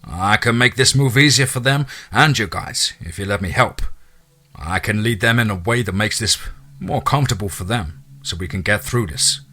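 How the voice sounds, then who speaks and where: A man's voice: lowish voice, moderate pace, sharp tone, breathy edge. A man reading the lines of an insistent small-town police chief who is pleading to help.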